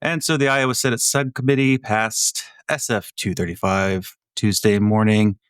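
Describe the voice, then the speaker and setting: Dry-humored low-voiced man chatting. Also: steady tone, normal speed, smooth, no room sound. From Florida. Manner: wry, swearing, rambling storyteller. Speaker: podcast co-host. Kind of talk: casual podcast chat.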